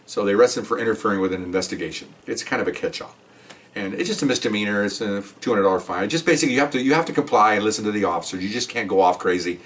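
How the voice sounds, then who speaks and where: A man's voice: lowish voice, racing, a bit bright, distant mic, slight background noise. An older man, a retired police officer, telling a story in a casual, rambling way and often checking in with "okay?". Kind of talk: casual spoken anecdote.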